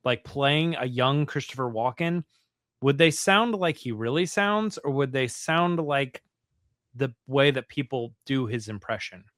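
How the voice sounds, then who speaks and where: A man's voice: medium pitch, expressive, a little slow, a bit bright, dry recording, clean studio sound. Musing man on a podcast. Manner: musing, asks questions with hedging fillers. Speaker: podcast co-host. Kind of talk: casual chat.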